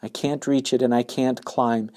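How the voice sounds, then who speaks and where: A man's voice: medium pitch, level tone, moderate pace, warm tone, close to an everyday voice. A man voicing a desperate, emotional young male pig who cries out and pleads. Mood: pleading. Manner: pleading, crying out.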